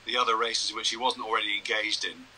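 A man's voice: fairly low pitch, little pitch movement, fast, pushed and bright, breathy edge, poor audio. A man in his sixties, a broadcaster and journalist, chatting anecdotally over a video call. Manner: chatty, anecdotal, self-deprecating. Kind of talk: casual interview chat.

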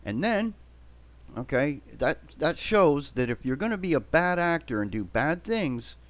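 A man's voice: fairly high pitch, sing-song, unhurried, no room sound. Blunt, combative older man ranting. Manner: blunt, combative, keeps asking "right?" and "okay?". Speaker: vlogger. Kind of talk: ranting monologue to camera.

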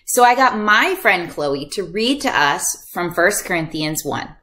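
Animated woman teaching a kids' Bible lesson. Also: fairly low pitch, measured pace. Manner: animated, acts out voices for kids. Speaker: children's ministry teacher. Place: church video lesson.

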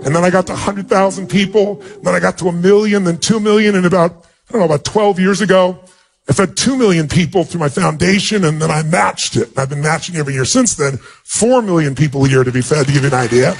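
A man's voice: fast talker, creaky, slight background noise. A man speaking as a motivational speaker, telling an emotional personal story to an audience in an earnest way. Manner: earnest, emotional storytelling, pitch jumps up when acting out dialogue.

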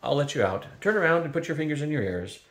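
An older man voicing a brisk, practical young princess who serves dragons, hurried and politely impatient in a storybook reading. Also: a little high, animated, a bit bright, pitched above the performer's own voice. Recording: roomy echo.

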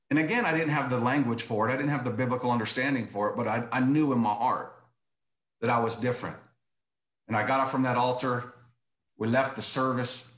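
A man's voice: mid-range voice, a bit bright, roomy sound. A man telling his personal testimony as a guest, emphatic and repetitive, often saying "I said".

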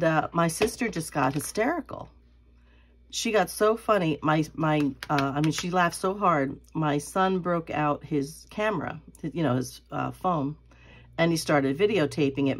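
Low-voiced middle-aged lady rambling a story while crafting, laughs a lot. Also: slight background noise. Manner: rambling, chatty, laughs often. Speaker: crafting channel host.

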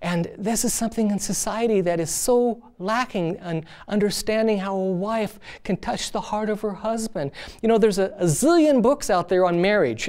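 Smooth-voiced folksy male preacher. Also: high voice, darkish tone. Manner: conversational, folksy, many "you know"s. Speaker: preacher teaching on marriage. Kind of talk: sermon with storytelling.

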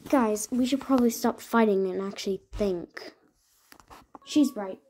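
A creator stages a murder mystery with toy horses, shifting between chatty, whispered and accusing voices for each character. Her voice is medium-pitched, unhurried and a little mellow, with slight background noise.

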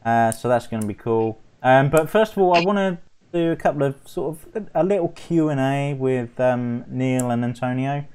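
A man hosting a casual live video chat, greeting viewers by name and filling pauses with humming syllables. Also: on the high side, darkish tone, smooth. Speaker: live stream host.

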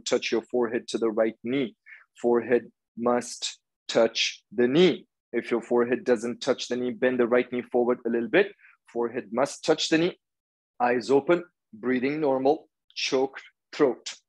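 A man teaches a hot yoga class in a studio, calling out postures in short, firm commands. He counts the holds out loud in a steady rhythm. His voice sits at an ordinary middle pitch. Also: normal speed, low-quality recording.

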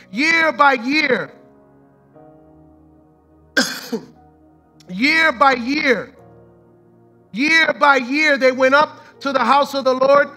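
A man's voice: extremely high pitch, pushed and bright. A man preaching a sermon as pastor, fervent and repetitive, mixing in street slang and the odd line of Spanish.

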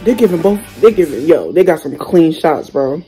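A young man hosting a reaction video, talking casually and excitedly in slang, exclaiming and chatting as he watches. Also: a little high, normal speed, soft background music, poor audio. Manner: exclamatory, slangy, keeps saying "bro".

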